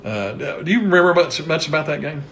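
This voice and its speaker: A man's voice: on the high side, expressive, fast talker, a bit bright, a little hiss or hum. A man with a Kentucky accent hosting a casual interview about an old football season, talking easily and reeling off statistics. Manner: chatty, reels off season statistics. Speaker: host interviewing a former coach. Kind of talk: casual sports history interview.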